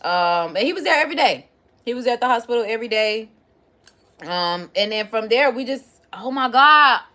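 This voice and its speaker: Young woman, fairly high voice, chatty storyteller who talks straight to her viewers. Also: moderate pace. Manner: expressive, chatty, addresses viewers directly. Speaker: vlogger. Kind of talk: casual storytime to a live chat.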